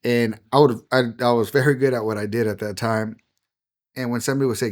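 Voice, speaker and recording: A man's voice: medium pitch, steady tone, fast. A middle-aged man, a pastor, telling his personal testimony as a podcast guest in an earnest, heartfelt way.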